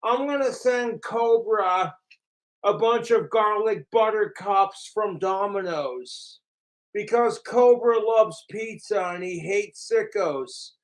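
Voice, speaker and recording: Slow-talking man ranting with profanity. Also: sits high, low-quality recording. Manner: profane, mocking, laughing at his trolls. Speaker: vlogger. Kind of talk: casual ranting to camera.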